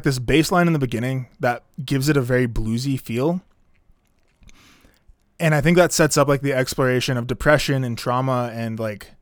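A man in casual podcast chat, walking through an album track by track in an easygoing, rambling way. His voice sits at an ordinary pitch and sounds close and dry, with no room around it. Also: no room sound. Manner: relaxed, rambling, many "like" fillers. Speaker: podcast co-host reviewing an album.

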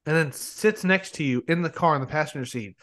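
Man, podcast host, casual chat, rambling, swears a lot, fairly high voice. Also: brisk. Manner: rambling, profane, excited.

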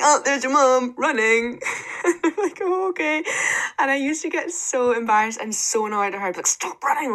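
A woman's voice: fairly high pitch, a bit bright. Giggly young British woman telling stories. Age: young adult. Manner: storytelling, giggly, many "like" and "um" fillers. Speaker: podcast co-host. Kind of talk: casual chat.

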